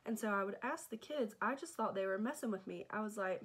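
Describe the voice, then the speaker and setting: A young woman telling a dramatic, animated storytime in a vlog, often checking in with "okay?". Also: medium pitch, brisk, hardly any pauses, a little hiss or hum. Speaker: vlogger.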